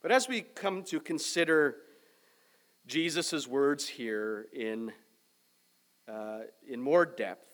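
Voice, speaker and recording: Slow, deliberate preaching man. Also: mid-range voice, expressive. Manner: measured preaching, loud emphatic start easing to quieter reflective tone. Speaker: pastor. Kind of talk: sermon.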